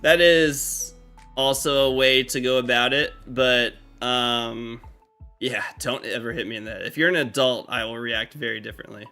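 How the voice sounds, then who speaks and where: On a live game stream, a man with a medium-pitched, steady, sharp-toned voice rambles casually at normal speed. His talk is full of fillers and restarts, and faint game music plays behind him.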